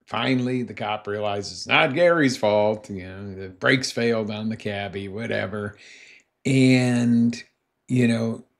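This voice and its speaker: Gravelly-voiced male motivational coach. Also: fairly low pitch. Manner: emphatic, animated storyteller. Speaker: life coach. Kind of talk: motivational talk with storytelling.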